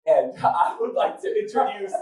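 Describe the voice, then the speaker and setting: This event host entertains a live crowd with his story, cracking jokes and laughing at them himself. He speaks at normal speed in a high voice with big pitch swings, recorded from afar in a reverberant room with a noisy background.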